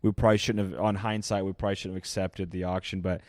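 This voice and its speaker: A man's voice: low-pitched, little pitch movement, fast talker, darkish tone, no room sound, clean studio sound. A man with a Midwestern American accent, a podcast guest telling stories in an easygoing way and laughing as he goes. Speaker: podcast guest, land sales manager. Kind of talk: casual storytelling chat.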